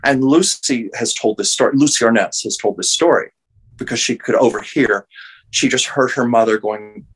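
A man's voice: medium pitch, normal speed, husky, low-quality recording. A man, an artist and medium, telling an emotional story earnestly as an interview guest over a video call.

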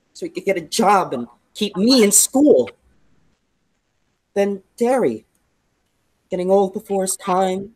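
A teenage student actress reading a sensitive, quick-tempered greaser boy over a video call, earnest and prone to outbursts. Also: medium pitch, natural voice. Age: teens. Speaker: student actor. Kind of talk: school play read over a video call.

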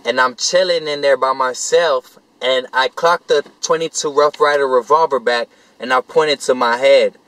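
A man's voice: medium pitch, steady tone, moderate pace, a bit bright, no room sound, poor audio. A young man vlogging, telling a rambling story to camera in profane street slang.

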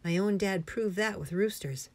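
A woman's voice: medium pitch, normal speed, darkish tone, lightly acted. A woman reading aloud, voicing an injured country father who speaks dryly and plainly.

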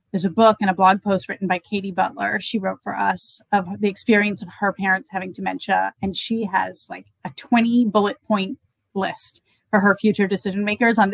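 A woman's voice: mid-range voice, creaky, no echo, poor audio. A woman guest on an interview show, explaining end-of-life conversations through examples in a thoughtful, conversational way with some fillers.

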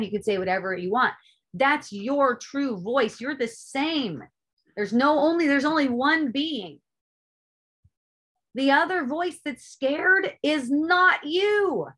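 Her pitch is high and her tone husky as she leads an online group through a sincere spiritual teaching. She punches certain points with volume, then softens into murmured side remarks, swearing casually along the way.

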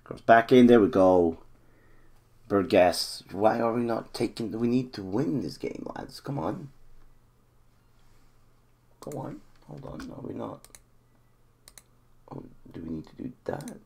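A man with a very deep, gravelly voice talks through a football management game as he plays. He speaks slowly, muttering nervously to himself, then bursts out cheering. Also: big pitch swings, darkish tone. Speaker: gaming YouTuber. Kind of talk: live game commentary.

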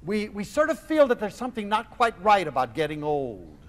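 A man giving a lecture to an audience, telling a personal story in a theatrical, expressive way. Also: high-pitched, fairly quick, long reverb tail. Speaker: lecturer on love.

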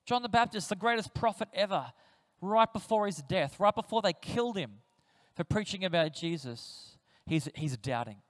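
A man preaching a sermon, telling stories in a lively way and acting out the voices of the people he quotes. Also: high voice, moderate pace. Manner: animated storytelling, acts out quoted voices. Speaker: pastor. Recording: reverberant church hall.

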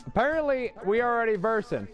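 A man loudly trash-talking and swearing while commenting on his online match, often breaking into shouts. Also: very high voice, big pitch swings, a little fast. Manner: loud, brash, swearing, swings into shouting. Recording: loud game music under voice. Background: loud game music.

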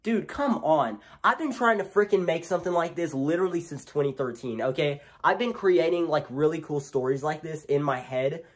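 Congested young man vlogging loudly at home. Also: on the high side, expressive, fairly quick, hardly any pauses. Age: young adult. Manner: rambling, filler-heavy, talking extra loud. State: sick and congested. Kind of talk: casual vlog. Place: home, indoors. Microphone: handheld camera.

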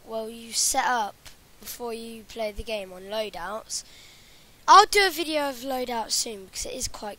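A woman's voice: on the high side, moderate pace, pushed and bright. A woman talking over her gameplay in a rambling way, often dropping into whispers. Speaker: gaming channel host. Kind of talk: gameplay commentary.

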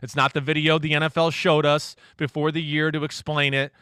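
A man who is a football analyst, a guest in a casual interview, telling stories in an animated way and acting out what others said. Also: a little high, brisk, clear, resonant tone, no echo, studio quality. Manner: animated storyteller, acts out quotes.

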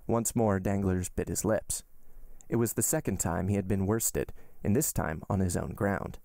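Gravelly low-voiced male narrator. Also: moderate pace, dark tone, no echo, studio quality. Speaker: podcast host reading a novel aloud. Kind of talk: audiobook narration.

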